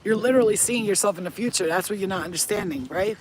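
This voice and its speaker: A woman giving a casual spiritual pep talk to her viewers as a reader, blunt, profane and animated. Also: medium pitch, fast, slight background noise.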